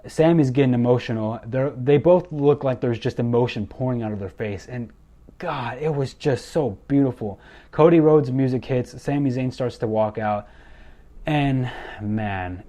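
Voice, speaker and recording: A young man excitedly recapping a wrestling show, gushing and repeating himself as he goes. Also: mid-range voice, normal speed. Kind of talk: enthusiastic recap commentary.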